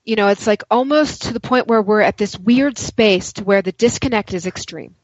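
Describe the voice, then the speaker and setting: A woman guest telling a personal story in casual conversation. She talks in an animated way and acts out the dialogue she quotes. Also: medium pitch, moderate pace, no room sound. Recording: dry, dull lo-fi sound.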